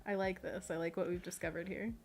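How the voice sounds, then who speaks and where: A woman's voice: fairly low pitch, fairly even intonation, quick pace. A young woman co-hosting an art livestream, chatting casually while she paints and laughing often. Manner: giggly and playful, laughs often.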